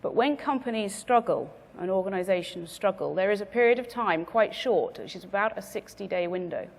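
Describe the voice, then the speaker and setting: A woman speaker giving a measured business presentation to a conference audience, stressing her key words. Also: mid-range voice, animated, creaky, big-room sound. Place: conference venue.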